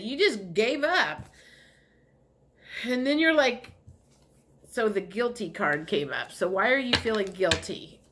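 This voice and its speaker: A woman's voice: on the high side, expressive, measured pace, bright, forceful tone. A woman giving a casual spoken tarot reading, rambling and chatty with many fillers and light laughs. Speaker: tarot reader.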